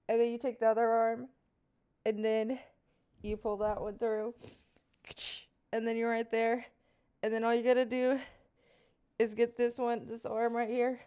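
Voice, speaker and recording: A woman's voice: fairly high pitch, darkish tone, clear, resonant tone. A young woman live-streaming, chatting casually and playfully with her viewers and answering their questions. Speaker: livestreamer.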